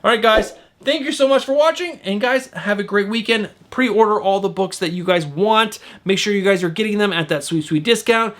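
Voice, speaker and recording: A man in his forties, host of a comic book channel, chatting eagerly to viewers from a warm room at home. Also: high voice, moderate pace, few pauses. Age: 40s. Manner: enthusiastic and chatty, addressing viewers directly. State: sweating from the heat. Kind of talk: casual video chat. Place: home room with windows open.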